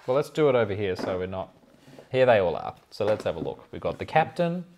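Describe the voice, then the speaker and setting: Brief: easygoing male co-host, animated unboxing chat. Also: fairly low pitch, a little fast, a little hiss or hum. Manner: playful, easygoing.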